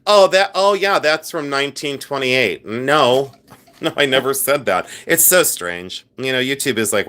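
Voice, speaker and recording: A man hosting a casual live stream, chatty and animated, showing his flea market jewelry finds and talking to the chat. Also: mid-range voice. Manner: chatty, animated, many fillers and asides to chat; clears throat often. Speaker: livestream host selling flea market finds.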